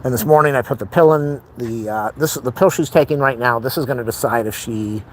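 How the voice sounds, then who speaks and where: A man's voice: medium pitch, a little hiss or hum. A middle-aged man venting in a rambling, frustrated casual monologue on a live stream.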